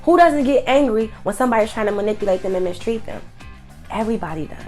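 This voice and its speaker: A woman's voice: mid-range voice, fast talker, a little mellow, soft background music. Emphatic woman giving relationship advice. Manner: emphatic and repetitive. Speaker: host. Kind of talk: advice monologue.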